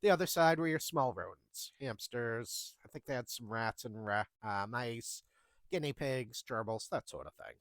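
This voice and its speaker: With a medium-pitched, expressive and slightly bright voice at normal speed, a man in his thirties shares retail job stories. He's chatty and wry, acting out the conversations, and there's no echo.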